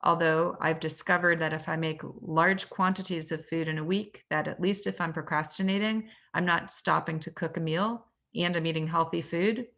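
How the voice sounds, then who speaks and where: Canadian woman, real estate agent, low-ish voice, chatty video-call talk with ums. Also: fairly even intonation, normal speed, creaky, few pauses, fairly bright tone. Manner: conversational, asks the audience questions, frequent ums.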